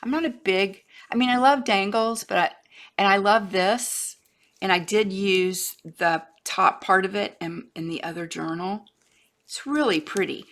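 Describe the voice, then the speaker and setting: Woman craft vlogger, gravelly and bright-toned, rambling show-and-tell, slips into soft whispers. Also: lowish voice. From Florida, USA. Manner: chatty, rambling, trails off and restarts, drops to a whisper at times.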